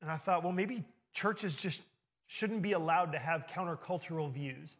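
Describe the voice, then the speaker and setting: A man's voice: on the high side, moderate pace. A man preaching a sermon, telling a personal story in an earnest, conversational way.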